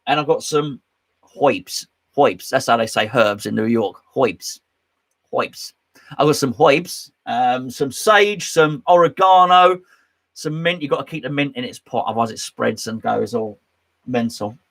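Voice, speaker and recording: A man's voice: medium pitch, animated, moderate pace, fairly bright tone. A man hosting a casual live stream from his home man cave, rambling and joking as he reads out chat comments. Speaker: host.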